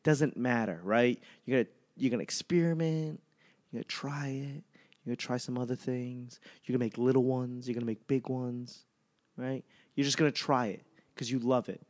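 A man's voice: medium pitch, fairly even intonation, normal speed, darkish tone. A man in his thirties hosting a casual solo podcast, rambling and self-mocking with plenty of swearing. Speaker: podcast host.

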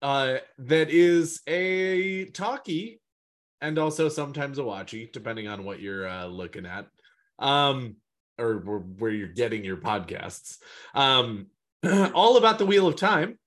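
A man's voice: medium pitch, animated, unhurried, a bit bright. A man hosting a casual podcast, talking in a rambling, easygoing way. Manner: rambling, with fillers and laughs. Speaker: podcast host.

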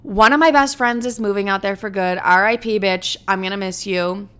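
A woman's voice: medium pitch, moderate pace, fairly bright tone, smooth. A woman hosting her own podcast, talking candidly and rambling in a casual, profane way. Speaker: podcast host. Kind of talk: casual solo podcast chat.

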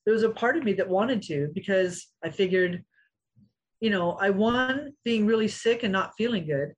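A former fighter, now middle-aged, recounts stories in an interview, laughing frequently and performing the lines she quotes. She speaks at a normal speed in a mid-range voice, captured with lo-fi sound.

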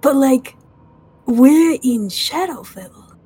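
A woman playing a tabletop game, baffled and halting. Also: sits high, lively intonation, warm tone, breathy edge. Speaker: player.

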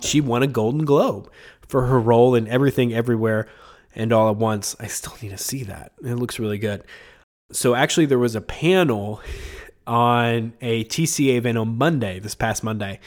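A man's voice: medium pitch, normal speed. A man hosting a podcast in casual chat, talking with a sick, congested voice and rambling with many fillers and chuckles. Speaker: podcast host.

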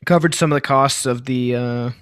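A podcast co-host chats loosely and rambles, swearing and using lots of fillers, his voice worn from yelling. It's medium-pitched, clear and resonant at a moderate pace, captured with clean studio sound and no room noise.

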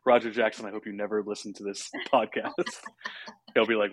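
A man's voice: fairly low pitch, level tone, normal speed, a little hiss or hum. A man hosting a podcast, casually recapping a horror film with fillers and chuckles. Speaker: podcast host.

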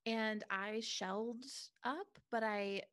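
A woman's voice: fairly high pitch, fairly even intonation, takes it slowly, fairly bright tone. A young adult woman talking candidly and reflectively in a casual conversation, with many filler words. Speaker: guest.

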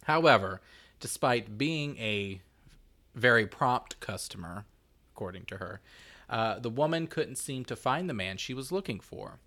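A man co-hosting a podcast, telling a true-crime story in a jokey, casual way with quick asides and frequent laughter. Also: medium pitch, expressive, bright, forceful tone.

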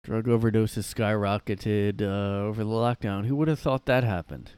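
Male vlogger, low pitch, dry close sound, sarcastic off-the-cuff rant. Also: moderate pace, darkish tone, smooth, dry recording. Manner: sarcastic, rambling, with fillers. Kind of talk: casual rant. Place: his room.

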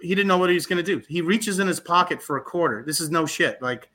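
Guest, man in his fifties, animated storyteller, brightly toned voice that trips over its own words. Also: on the high side, quick pace, a little hiss or hum. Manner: animated, with frequent restarts and repeated words. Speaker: guest, physical therapist. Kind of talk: casual interview storytelling.

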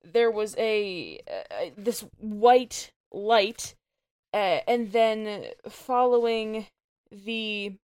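Woman player, slow, dry close sound, hesitant, formal in-character talk. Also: medium pitch, lively intonation, darkish tone, clear, resonant tone, dry recording. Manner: hesitant, searching for words, formal. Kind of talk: in-character tabletop role-play.

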